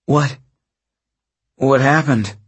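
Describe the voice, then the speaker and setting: A man voicing a weak, groggy teenage boy who mutters faintly in a husky voice. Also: medium pitch, drawn-out words, exaggerated voice. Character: weak dazed teenage boy, just revived.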